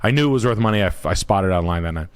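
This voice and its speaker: A man's voice: low-pitched, expressive, racing, clear, resonant tone. A man casually telling a long rambling story, swearing often and breaking into other people's voices. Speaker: storyteller on a talk show.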